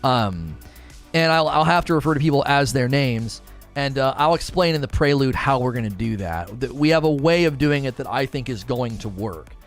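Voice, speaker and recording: A man's voice: mid-range voice, lively intonation, moderate pace, soft background music. A man in his thirties chatting casually on a live stream as the streamer, rambling with many fillers and restarts.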